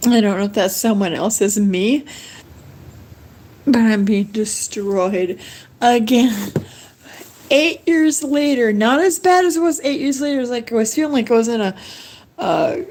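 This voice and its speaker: A middle-aged woman talks to her livestream viewers in a high voice. She speaks slowly, her monologue rambling, agitated and pleading. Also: darkish tone.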